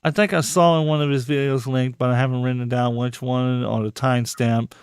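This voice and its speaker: Male podcast host, heated profane rambling delivery, crisp tone, dry sound. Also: mid-range voice, steady tone, brisk, no room sound. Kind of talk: casual live podcast chat.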